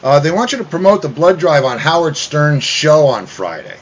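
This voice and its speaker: A man telling a long story in casual chat, animated, mimicking other people with loud raised voices. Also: on the high side, moderate pace, husky, muffled recording. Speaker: guest musician.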